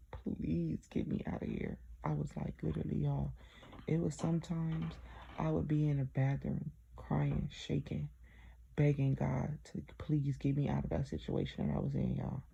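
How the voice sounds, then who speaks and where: Gravelly, husky-voiced young woman telling a story. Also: sits low, warm tone, muffled recording. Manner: chatty, addresses listeners directly, many fillers. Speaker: diary vlogger. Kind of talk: casual personal storytelling.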